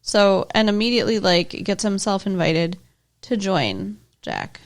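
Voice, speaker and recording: A woman's voice: mid-range voice, big pitch swings, measured pace. A woman co-hosting a podcast, recapping a TV plot in casual chat, wry and blunt, laughing often. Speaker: podcast co-host.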